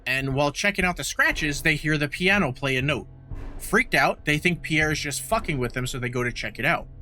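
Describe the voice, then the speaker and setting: A man co-hosting a casual podcast, recapping a horror movie in a profane, animated way. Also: on the high side, a little fast, faint music behind. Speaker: podcast co-host.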